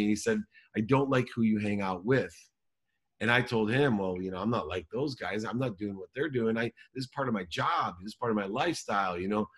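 A man in his forties telling a personal story in conversation, earnest and emphatic, slowing down for the key lines. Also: on the low side, breathy edge.

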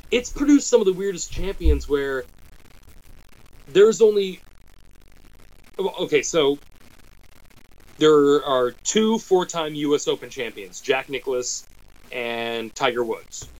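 An American man chatting on a podcast, animated and rambling, with quick asides and restarts. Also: medium pitch, poor audio. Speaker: podcast co-host. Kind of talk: casual chat.

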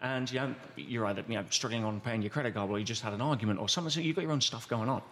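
Guesting on a podcast, a man with a medium-pitched voice races along, explaining at length in a conversational way. He's animated and acts out quoted voices as he goes.

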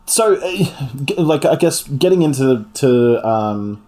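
A man's voice: medium pitch, expressive, slow, dark tone. Rambling, chatty podcast man. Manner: chatty, rambling, laughs often. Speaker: podcast co-host. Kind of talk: casual chat.

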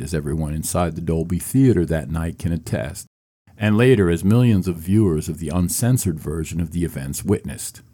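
A man's voice: sits low, mellow, breathy edge. A man delivering a scripted opinion commentary in a sarcastic, mocking way.

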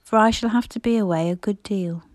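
Woman reading as a soft, hushed Victorian mother. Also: mid-range voice, fairly quick, no room sound, close to an everyday voice. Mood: earnest. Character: gentle worried Victorian mother.

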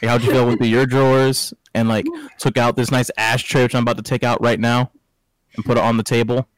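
A man's voice: mid-range voice, level tone, fairly quick, no echo, rough recording. Blunt male player, dry sound. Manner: blunt and crude. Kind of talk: casual chat.

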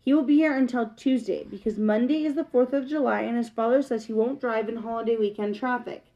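A woman's voice: a little high, fairly quick, dark tone, muffled recording, lightly acted. A woman reading aloud, voicing a bold young boy mouse in a storybook, earnest and self-assured.

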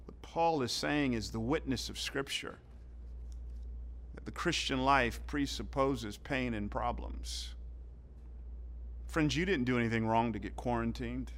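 A man from the southern United States preaching a sermon, telling stories in an animated way and swinging between loud and hushed. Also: medium pitch, unhurried, long pauses. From southern United States (Atlanta). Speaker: pastor.

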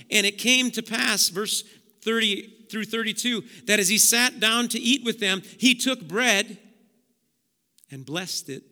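Man preaching in a church, real piercing bright voice, goes quiet then suddenly loud. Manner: swings between hushed low passages and loud high emphatic bursts. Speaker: pastor. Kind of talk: sermon. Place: church sanctuary. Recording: long church hall reverb.

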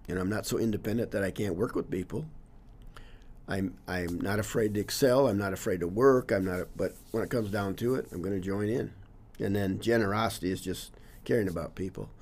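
A man's voice: fairly low pitch, a little fast, darkish tone. A man in his sixties, a longtime teacher and coach, talking earnestly in a casual interview and trailing off with loose fillers. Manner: earnest and reflective, trails off with "you know, whatever".

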